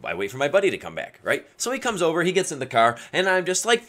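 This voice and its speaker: Guy telling a funny story to camera, bouncy up and down voice, bright tone, keeps laughing and chopping off his swears. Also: a little high, fast, hardly any pauses. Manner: animated, laughs often, cuts off swear words mid-word. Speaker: video creator giving dating advice.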